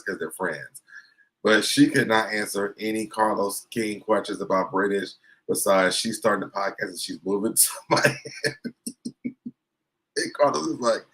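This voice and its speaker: A man's voice: on the low side, a bit bright, poor audio. A man hosting a livestream, giving sarcastic gossip commentary and greeting chat viewers. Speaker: livestream host. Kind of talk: casual commentary reacting to clips.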